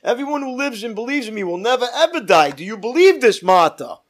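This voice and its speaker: A man leading a Bible study as pastor, reading scripture aloud with emphatic rises and dropping to quiet asides. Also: extremely high pitch, big pitch swings, fast talker.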